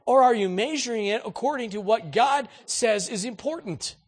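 A man preaching a sermon to a congregation, animated and asking rhetorical questions. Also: extremely high pitch, normal speed, slightly rough. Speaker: pastor.

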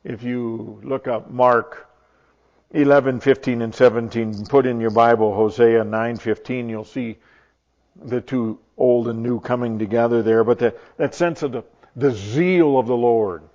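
A man teaching from the Bible in a sermon, earnest and searching, often restarting his sentences and dropping to a hush on tender points. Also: medium pitch, steady tone, a little slow. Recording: dull lo-fi recording.

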